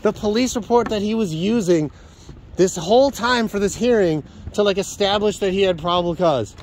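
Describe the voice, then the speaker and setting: A man's voice: high-pitched, a little mellow, a little hiss or hum. A young man venting in an angry rant, swearing heavily and piling up complaints in long run-on sentences. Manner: furious, heavy swearing, rapid run-on complaints.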